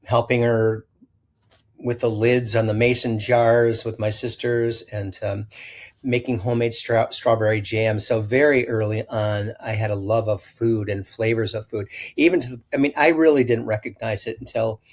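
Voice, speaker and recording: A man's voice: lowish voice, moderate pace. An older man from Illinois, a chef being interviewed, telling rambling childhood stories with many restarts and quoted voices. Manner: rambling, self-correcting anecdotes with animated quoted voices. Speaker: chef guest. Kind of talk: storytelling interview.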